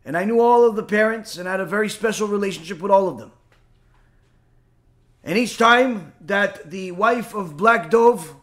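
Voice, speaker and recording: A man's voice: sits high, a bit bright. A man voicing a dead midwife's ghost. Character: dead woman midwife, tormented, pleading.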